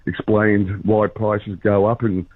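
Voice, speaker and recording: A man with an Australian accent calling in to talkback radio, halting and earnest, getting emotional as he speaks. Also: on the low side, little pitch movement, dry recording. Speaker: caller. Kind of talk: talkback call-in. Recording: muffled dry phone line.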